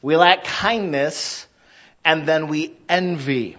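High-voiced guy preaching casual, chatty and animated, kinda muffled lo-fi church tape. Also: slow pace. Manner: conversational, animated, acts out quoted voices. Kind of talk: sermon.

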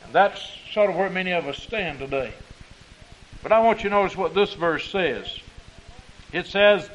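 A high-pitched male preacher with a rural American country accent, swinging from low, quiet passages up to fervent, loud declarations. He draws scripture out slowly and deliberately. The recording is dull and lo-fi. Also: expressive. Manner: rising to fervent shouts, slowing on scripture. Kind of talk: sermon.

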